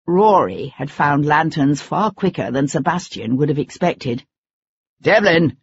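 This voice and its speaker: An audiobook narrator reading a tense chase scene in steady, measured storytelling. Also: medium pitch, slightly rough. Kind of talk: scripted narration. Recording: dull lo-fi recording.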